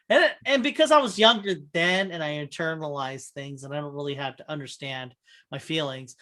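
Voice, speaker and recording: A young man, a podcast co-host, teasing and swearing in lively casual chat. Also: fairly high pitch. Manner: animated, teasing, profane.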